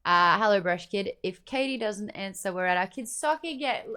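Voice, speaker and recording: A woman's voice: mid-range voice, expressive, moderate pace, few pauses, sharp tone, slight background noise. A tired Australian woman hosting a book club live stream, chatting playfully and thanking viewers by name. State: tired, sleepy. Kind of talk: casual live stream chat.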